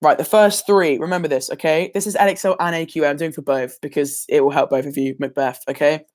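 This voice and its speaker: A teenage boy with a fairly high, steady voice talks fast on a casual livestream while revising for an exam. He rambles and hesitates, full of ums and self-corrections.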